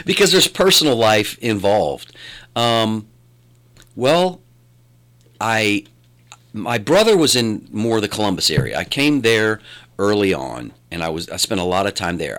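A middle-aged man with a West Virginia lilt talks as a guest, his low voice swooping up and down with lots of life. He rambles and restarts his sentences as he tells his story. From born in Louisiana, raised in West Virginia. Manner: rambling, animated, restarts often. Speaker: guest, filmmaker and radio announcer. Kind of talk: conversational interview.

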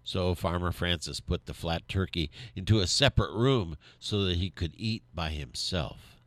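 A man reading a children's story aloud with animated, lively storytelling. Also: low voice, normal speed, no room sound.

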